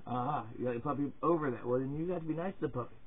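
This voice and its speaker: A man's voice: medium pitch, rapid-fire, breathy edge. A man chatting playfully with his dogs at home while filming them, teasing them and swearing freely. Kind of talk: casual talk to pets while filming. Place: inside a home. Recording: tinny, phone-like sound.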